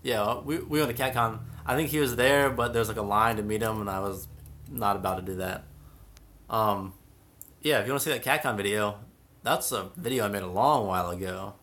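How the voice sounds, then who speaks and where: A man's voice: fairly low pitch, fairly quick, a bit bright, slight background noise. A young man hosting a casual live stream about cats, chatting and reading out viewer comments. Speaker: cat channel host.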